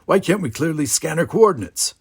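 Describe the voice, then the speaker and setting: A man reading aloud, voicing a young cadet captain who sounds calm and firm in a storybook reading. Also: fairly high pitch, brisk, gravelly, slightly rough, pitched above the performer's own voice, exaggerated voice.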